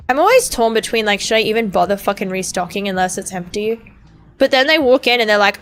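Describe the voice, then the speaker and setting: A woman's voice: a little high, brisk, a bit bright. A young woman chatting casually on a gaming stream, rambling and ranting with lots of swearing and fillers. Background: faint game music.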